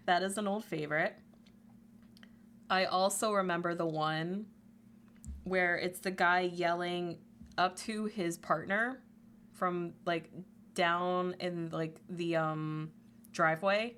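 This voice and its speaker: A woman's voice: fairly even intonation, slow pace, a bit bright, a little hiss or hum. A woman livestreamer in casual chat, talkative, laughing often and swearing freely. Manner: chatty, swears, laughs often, quotes memes in a squeaky voice.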